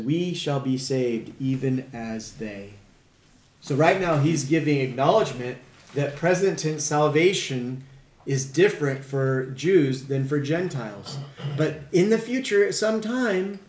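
A man's voice: mid-range voice, a little mellow. Emphatic man teaching in an echoey room. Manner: emphatic, asks the group questions, reads verses aloud. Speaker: Bible teacher. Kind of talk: conversational Bible study teaching. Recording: echoey room with faint background hum.

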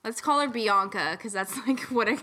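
A woman's voice: fairly high pitch, normal speed, pushed and bright. A young woman casually retelling a fairy tale on a podcast, chatty and giggly, swearing and acting out the voices. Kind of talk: casual chat storytelling.

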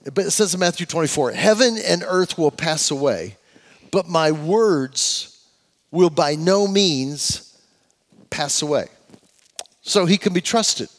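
An older man preaching in a church, his slightly high voice rising into emphatic declarations and then dropping into quiet, rambling asides. He leads the congregation through repeated phrases. The sound carries a long, hall-like reverb. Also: lively intonation, slow, pauses often. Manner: leads congregation in call-and-response, swings from loud preaching to soft asides. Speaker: pastor. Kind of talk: sermon. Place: church sanctuary.

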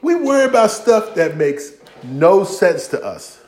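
An unhurried, high-voiced pastor gives a playful sermon, bringing biblical people to life through acted-out dialogue. His humorous, animated delivery leans on Southern vernacular such as "y'all" and "ain't."

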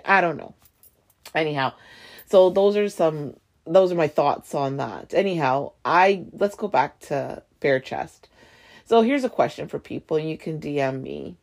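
Solo podcast host, woman, low voice, chatty and rambling. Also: unhurried, gravelly. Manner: rambling, animated, laughing asides. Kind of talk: casual solo podcast monologue.

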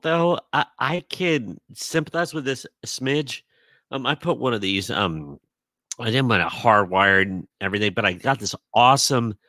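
A man's voice: lowish voice, bright, forceful tone, dry recording, studio quality. A man co-hosting a casual talk show, laughing heartily and rambling in wordy asides. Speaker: co-host. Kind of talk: casual chat.

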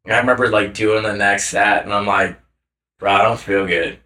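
A man's voice: lowish voice, fairly even intonation, moderate pace, bright, forceful tone, echoey room. A young man co-hosting a casual podcast chat, rambling with lots of filler words and swearing. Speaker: podcast co-host.

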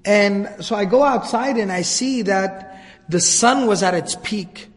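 A man giving a religious storytelling lecture, conversational and animated, with many repetitions. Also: high voice, unhurried, big-room sound, faint music behind. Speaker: religious teacher.

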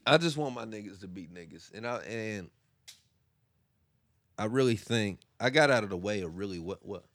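A young man hosting a podcast from his basement, giving a candid, profane monologue that swings between quiet, low stretches and loud bursts. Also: lively intonation, normal speed, no echo. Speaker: podcast host. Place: home basement studio.

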